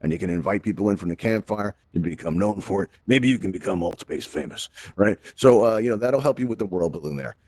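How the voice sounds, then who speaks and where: A man's voice: low voice, expressive, fast, hardly any pauses, a little mellow, slight background noise. A man hosting a live virtual-reality tutorial, explaining steps in an upbeat, jokey way. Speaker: host and instructor.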